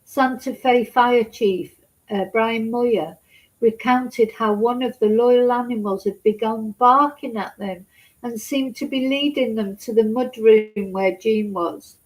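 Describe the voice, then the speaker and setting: A woman's voice: a little high, slow, low-quality recording. A woman vlogging, reading a news story aloud with hesitant personal asides and getting upset. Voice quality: soft-spoken, chatty, hesitant with many fillers.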